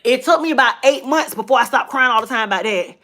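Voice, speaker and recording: Woman vlogging, fairly high voice, talks to viewers like friends, emotional and chatty. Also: fast, pushed and bright. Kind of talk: casual personal storytelling to viewers.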